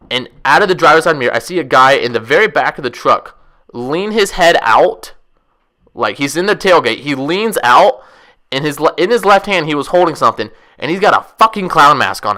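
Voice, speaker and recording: A young man telling a wild story casually, profane, rambling and excitable. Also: fairly high pitch. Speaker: vlogger.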